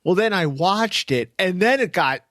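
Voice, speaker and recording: Animated man in his fifties telling stories. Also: sits high, moderate pace, dry recording, studio quality. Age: 50s. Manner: animated storyteller, acts out quoted voices. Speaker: podcast co-host. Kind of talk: casual storytelling chat.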